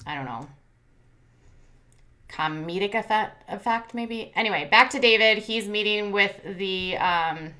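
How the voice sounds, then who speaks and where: A woman's voice: mid-range voice, a little slow, pushed and bright. A woman hosting a commentary channel, casually recapping a reality show and retelling scenes in a chatty way with many fillers. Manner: chatty, lots of fillers and retold quotes.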